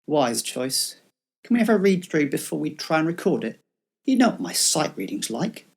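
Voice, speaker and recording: A deadpan man in scripted comedy dialogue, grumbling dryly. His pitch swings widely between flat asides. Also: moderate pace, vocal fry. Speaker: comedy co-host.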